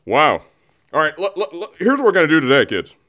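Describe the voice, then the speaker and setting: A man who is a radio personality recording a short, smooth intro for the show. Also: on the high side, big pitch swings, rapid-fire, fairly bright tone. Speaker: radio personality giving a station drop.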